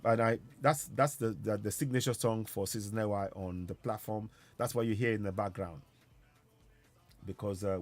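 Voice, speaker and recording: A man's voice: fairly low pitch, darkish tone. A man hosting a call-in show, urging viewers earnestly and repeating his points. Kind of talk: casual talk to viewers. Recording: music in background. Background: music playing.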